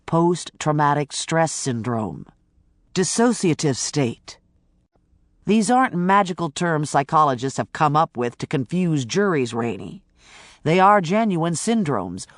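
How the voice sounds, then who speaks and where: An audiobook narrator voicing a calm male federal agent who speaks in a level, measured, gently insistent way. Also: a little high, no room sound, studio quality. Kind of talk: audiobook character voice.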